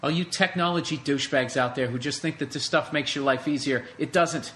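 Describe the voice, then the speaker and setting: Man, podcast host, solo comedic rant, sarcastic, profane, sharp bright tone. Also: a little high, a little fast.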